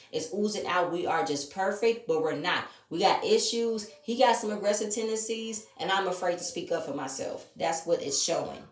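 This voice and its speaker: A woman's voice: medium pitch, roomy sound, distant mic. A woman giving a blunt, heated, profane review of a reality show reunion in casual commentary.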